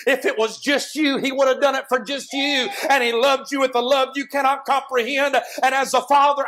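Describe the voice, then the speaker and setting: High-voiced preacher shouting passionately. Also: male voice. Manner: impassioned, storytelling, often shouting. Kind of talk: sermon.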